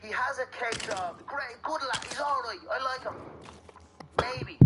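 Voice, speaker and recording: A man's voice: very high voice, a little slow. A man, a professional fighter, being interviewed. He talks bluntly, swears freely and repeats words when he gets heated. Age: adult with young children. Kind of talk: candid interview talk. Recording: interview clip with steady background noise.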